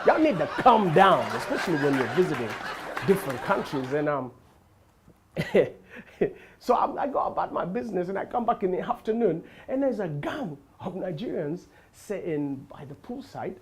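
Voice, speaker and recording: A man doing stand-up comedy, telling a story in an animated way, with halting fillers and laughter in his voice. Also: high-pitched. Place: comedy venue with a live audience. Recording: crowd laughter and noise.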